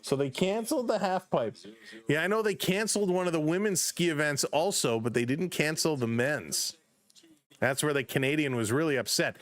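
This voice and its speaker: A man's voice: moderate pace, no room sound. A man hosting a live baseball stream, mixing play-by-play with chatty greetings to viewers. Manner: chatty, greets chat viewers by name between pitches; gets loud and excited on big plays. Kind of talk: casual live play-by-play commentary.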